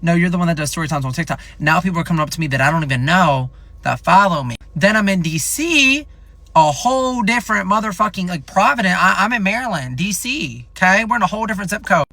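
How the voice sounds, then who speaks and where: A young man in his twenties spins a rambling storytime vlog, animated and full of profanity. His voice sits a touch high and comes across bright and forceful. The recording is close and dry, with no room sound. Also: quick pace, creaky, no room sound. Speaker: content creator.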